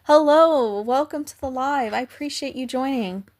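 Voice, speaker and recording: Young woman streamer, casual chatty host, a touch high-pitched, voice that cracks. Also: moderate pace. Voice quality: voice cracks now and then. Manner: chatty, thanks viewers by name, coos at her cat. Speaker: livestream host. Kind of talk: casual livestream chat.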